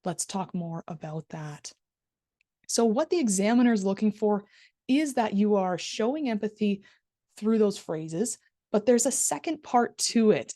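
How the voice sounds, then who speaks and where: A middle-aged woman teaching a live online class, modelling soft empathetic phrases and stressing key words as she speaks to her students. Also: mid-range voice, no echo, clean studio sound.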